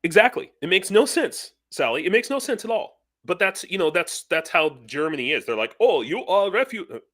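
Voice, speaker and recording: A middle-aged man hosting a live stream, talking casually and in an animated, rambling way with many fillers and restarts. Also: fairly high pitch, fairly quick.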